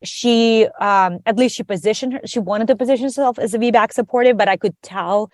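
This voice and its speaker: A woman guest on a podcast, telling her story in a lively, conversational way and acting out the voices of others. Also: fairly high pitch, fairly quick, dry recording, clean studio sound. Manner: animated, acts out quoted dialogue.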